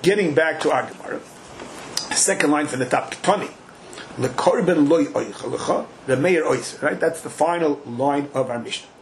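A man leads a Talmud lesson, slipping into an animated sing-song whenever he quotes the text. His voice sits a little high for a man, and a faint hiss of room noise runs underneath. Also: normal speed, rough recording. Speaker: Talmud teacher. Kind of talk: Talmud class lecture.

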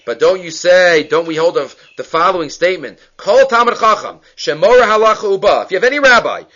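Talmud teacher, man, high bright voice, animated, dull lo-fi recording. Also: brisk. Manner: animated, acts out the dialogue. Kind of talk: Talmud class lecture.

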